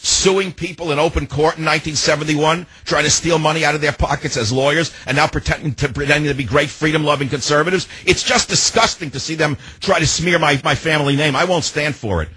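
A man's voice: fairly high pitch, fairly even intonation, a little fast, few pauses, sharp tone, slightly rough, dry recording. An older man hosting a call-in radio talk show, ranting indignantly and firing off emphatic rhetorical questions.

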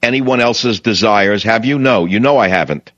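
A man's voice: lowish voice, moderate pace, fairly bright tone, dry recording. An older man hosting a talk radio show, emphatic and combative, repeating his lines for effect. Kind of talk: talk radio monologue and call-in. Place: radio studio. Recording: dry, slightly dull studio sound.

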